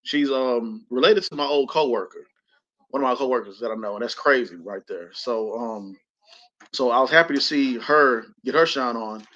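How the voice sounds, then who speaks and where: A man's voice: mid-range voice, normal speed, fairly bright tone. A man as a guest in a casual film discussion, laid-back and hesitant with many fillers. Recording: slightly dull lo-fi sound.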